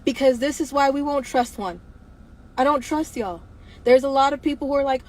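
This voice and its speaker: A woman with a somewhat high voice delivers an impassioned livestream monologue. She hammers her points with repeated rhetorical questions and speaks bluntly, with casual profanity. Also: fairly quick, darkish tone, rough recording. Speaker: livestream host.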